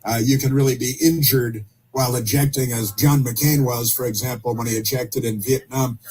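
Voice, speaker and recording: A man hosting opinionated talk radio, speaking haltingly with many fillers and restarts and dropping sarcastic asides. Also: medium pitch, fairly even intonation, darkish tone, slight background noise.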